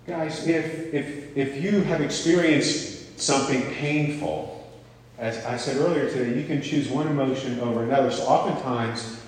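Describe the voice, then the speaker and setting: A man's voice: mid-range voice, darkish tone. A man preaching a conversational sermon, often checking in with the audience by asking "okay?". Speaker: pastor. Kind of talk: sermon teaching. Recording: echoey hall from far off.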